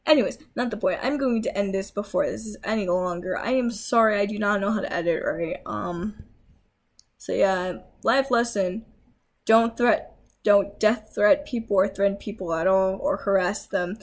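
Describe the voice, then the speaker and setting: A woman's voice: medium pitch, normal speed. Rambling, tired young woman ranting. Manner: rambling, with fillers and self-corrections. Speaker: YouTuber ranting. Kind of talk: casual unscripted rant. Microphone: laptop mic.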